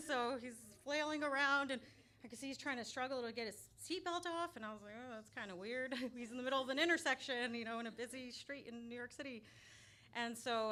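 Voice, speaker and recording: A woman from Albuquerque telling a true story on stage in a small restaurant, lively and laughing often. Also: fairly high pitch. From Albuquerque, New Mexico. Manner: lively, laughing often, loud acted outbursts. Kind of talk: live personal storytelling. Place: small restaurant venue, live audience. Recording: live room with faint background noise.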